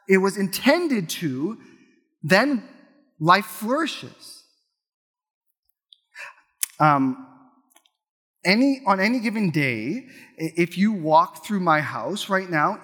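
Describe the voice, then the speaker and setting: A man in his thirties preaches to a congregation, his high, bright voice ringing through a large hall with a long tail of reverb. He tells stories in an animated way and often restarts his sentences. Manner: animated storytelling with repeated restarts. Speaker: pastor. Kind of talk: sermon.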